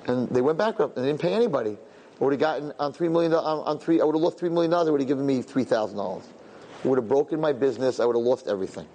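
A man teaching a religious lesson, telling personal stories in an animated, conversational way and acting out the dialogue. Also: mid-range voice, racing.

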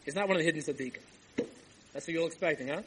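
Man, rabbi telling a story, animated, fairly high voice, old tape with faint hiss. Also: rapid-fire, low-quality recording. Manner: animated storyteller, acts out dialogue, Yiddish-laced asides. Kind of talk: storytelling sermon. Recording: archival tape with faint background ambience.

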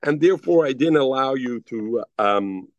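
A man's voice: mid-range voice, lively intonation, moderate pace, no room sound, lo-fi sound. A man teaching a Daf Yomi Talmud class, calling on students by name and mixing in Hebrew and Aramaic terms.

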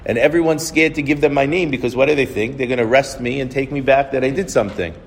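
A man's voice: mid-range voice, fast talker, big-room sound, a little hiss or hum. A man giving a religious talk, telling a story in a conversational, repetitive way with frequent restarts. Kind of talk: sermon-like storytelling.

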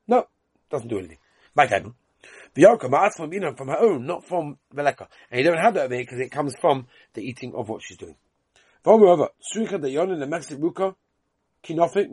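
A man with a Yeshivish English accent and a Yiddish lilt, teaching a Talmud lesson. He chants the text in a rising sing-song, then drops into quick plain explanation. His voice is slightly husky and sits at a middle pitch, recorded close and dry. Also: very animated, darkish tone, no room sound. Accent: Yiddish-inflected Yeshivish English.

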